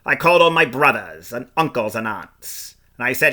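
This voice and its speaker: A man performing a rhyming storybook aloud in the first person, playful and expressive. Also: medium pitch, moderate pace, few pauses.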